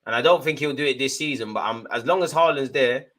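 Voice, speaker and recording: Jokey man doing live match banter. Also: fast talker. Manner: chatty, jokey running banter with slang; swings between excited outbursts and low muttered asides. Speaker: fan watchalong host. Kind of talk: live football watchalong commentary.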